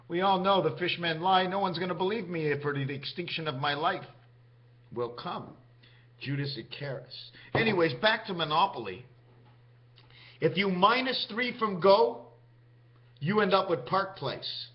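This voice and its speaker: A man's voice: sits high, animated, normal speed. A man vlogging in a rambling, free-associating monologue, musing aloud as he goes. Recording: dull lo-fi recording.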